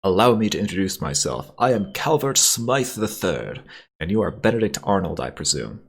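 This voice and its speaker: A man voicing a shrill, pompous older male officer with a nasal whine and a put-on posh old English accent. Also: big pitch swings, moderate pace, breathy edge, exaggerated voice. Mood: blustering. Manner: blustering, jolly, self-important.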